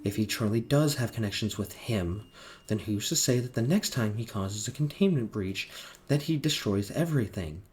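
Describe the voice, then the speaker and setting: A man voicing a calculating male agent in a flat, deliberate monotone. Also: lowish voice, lightly acted. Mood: cold.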